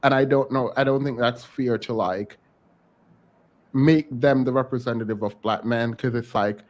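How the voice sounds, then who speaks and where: A man's voice: medium pitch, steady tone, normal speed. A man on a casual panel podcast, speaking hesitantly with many fillers.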